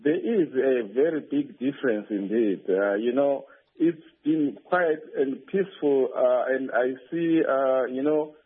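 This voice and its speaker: A man's voice: medium pitch, measured pace, slightly rough. A male field reporter phoning in a news report, speaking hesitantly with many fillers and restarts. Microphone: telephone. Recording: tinny phone line.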